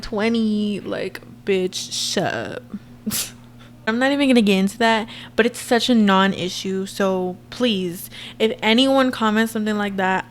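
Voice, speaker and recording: A woman in her twenties giving a chatty, expressive reaction commentary to her viewers. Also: medium pitch. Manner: chatty and expressive, frequent laughs and asides to viewers. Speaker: reaction vlogger.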